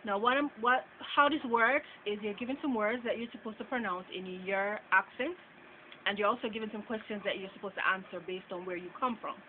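A Jamaican woman talks casually to her viewers in a home vlog, walking through words with everyday examples. Her voice comes through thin and tinny, like a phone line, with a faint hiss behind it. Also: mid-range voice. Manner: chatty, explains each word with everyday examples. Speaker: vlogger. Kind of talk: casual accent-tag video.

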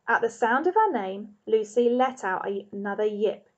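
A primary school teacher, a woman, reading chapters of a children's novel aloud in a calm, expressive storytelling voice. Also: medium pitch, a little slow. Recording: dull lo-fi recording.

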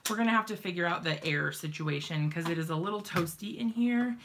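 Home crafting streamer, woman: bright, slightly high voice, unhurried chatty delivery, lots of fillers and little laughs. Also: slight background noise. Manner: chatty, giggly, lots of ums and likes. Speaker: crafting live-stream host. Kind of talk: casual live-stream chat.

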